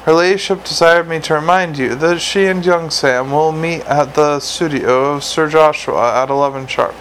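A man's voice: a little high, normal speed, a bit bright, slight background noise, natural voice, low-quality recording. A man reading the part of a polite, unflappable male butler, speaking formally and deferentially.

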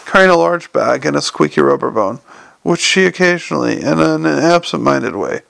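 Very gravelly man reading a novel aloud. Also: on the high side, moderate pace. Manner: even storytelling with small slips. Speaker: audiobook reader.

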